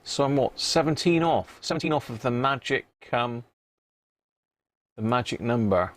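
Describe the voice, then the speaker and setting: Chatty and casual, a man working on a vintage radio at his electronics workbench talks to his live-stream viewers and answers their chat, muttering to himself between part tests. His mid-range voice is animated and moves at a moderate pace, with no echo.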